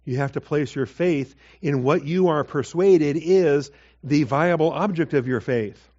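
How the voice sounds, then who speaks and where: A man giving a conversational verse-by-verse Bible teaching, with asides and quick acted quotes. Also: on the high side, a little mellow, highs cut off.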